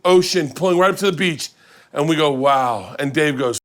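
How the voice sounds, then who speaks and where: A man hosting a casual kitchen chat, telling a road story with lively quoted voices. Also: a little high. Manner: animated storyteller doing quick quoted voices. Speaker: host.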